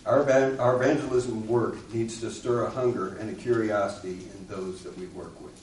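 A man's voice: lowish voice, steady tone, normal speed, darkish tone, a little hiss or hum. A man preaching a sermon, telling a story and asking the congregation questions. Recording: echoey room, distant mic.

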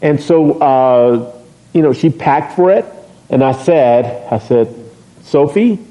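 A man's voice: mid-range voice, slow, mellow. A middle-aged male pastor preaching a sermon from a church pulpit, joking with the congregation and asking them questions. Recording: dull lo-fi sermon recording.

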